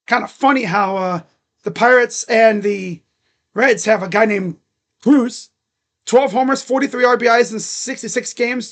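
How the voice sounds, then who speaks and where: A man calling a ball game live as a fan from his room at home, excitable, chatting to viewers and shouting at the players. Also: extremely high pitch. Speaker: fan streamer calling play-by-play. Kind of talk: live fan reaction and play-by-play. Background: dogs barking.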